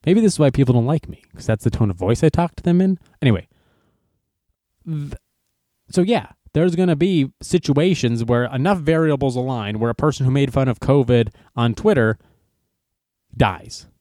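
Male host for casual news commentary, sarcastic and mocking, animated delivery, dry recording. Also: mid-range voice, normal speed, long pauses, no echo.

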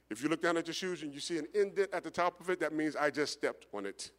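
Middle-aged pastor guy preaching, kinda high voice, repeats himself a lot, big echoey church hall. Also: expressive, fast talker, few pauses, a bit bright. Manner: conversational preaching, repeats phrases, builds to rising intensity. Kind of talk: sermon storytelling. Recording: long hall reverb.

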